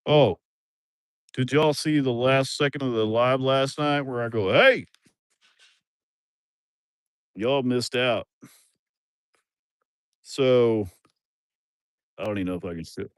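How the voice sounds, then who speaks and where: A man, rambling casually on a livestream from a farm, with bursts of loud excitement. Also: mid-range voice, normal speed, long pauses, smooth, no room sound, studio quality. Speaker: livestream host.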